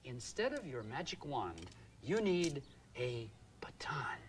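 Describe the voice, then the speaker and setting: A man's voice: mid-range voice, big pitch swings, slow, slight background noise. A man, a regular on a children's TV show, talking in a friendly, easygoing way. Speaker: regular cast member. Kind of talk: children's TV acting.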